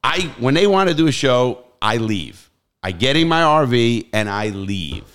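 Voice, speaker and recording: A man's voice: mid-range voice, big pitch swings, a little slow, a bit bright, smooth. An older man, rambling and swearing as he tells stories on a casual podcast. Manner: rambling storyteller, swears freely, many restarts. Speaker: podcast host.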